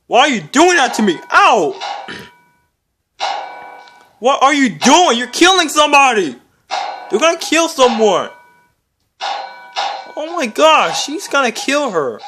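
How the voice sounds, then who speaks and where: A furious puppet hand, as a performer puts it on, shouting insults and baffled questions at a video game in comedic in-character commentary. The voice leaps wildly up and down in pitch but drags its words out slowly, with game music playing underneath. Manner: yells insults and exasperated questions.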